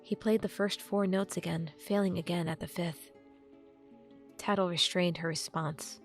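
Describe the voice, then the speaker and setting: A woman's voice: on the low side, steady tone, normal speed, faint music behind. Woman narrating an audiobook.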